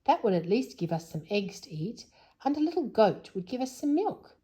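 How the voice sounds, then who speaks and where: Woman doing cross storybook parents, raised and emphatic, mellow and a bit husky. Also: on the high side, very animated, normal speed, voice pushed up. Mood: scolding. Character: worried hard-up mother and cross father.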